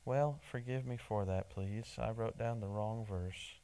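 A man preaching a sermon in church, earnest, often restarting his words and swinging between loud emphasis and soft asides. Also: on the low side, a little slow. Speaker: pastor.

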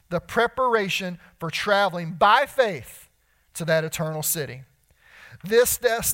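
A man's voice: high voice, a bit bright. A young man preaching a sermon as pastor, pleading and building in intensity. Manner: preaching with rising intensity and repeated pleas.

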